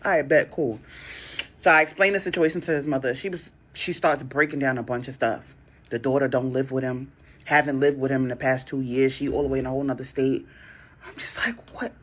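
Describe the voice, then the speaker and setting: A woman telling a personal story casually and dramatically, jumping into high outbursts when she quotes herself. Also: steady tone, fast.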